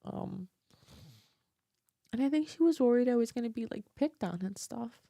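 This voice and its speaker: A woman tells her vlog audience a personal story, chatty and laughing, with plenty of fillers. Her fairly high voice is animated and mellow, with vocal fry, at a normal speed. She's close up on a desk mic, and the recording is dry.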